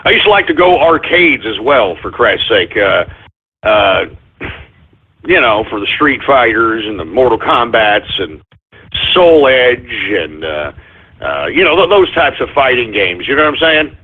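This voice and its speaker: Frantic shouting radio host, husky and tinny. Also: male voice, mid-range voice, big pitch swings, a little slow. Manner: frantic, swearing, repeatedly shouting apologies. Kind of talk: comedic call-in radio rant. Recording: tinny phone-like audio.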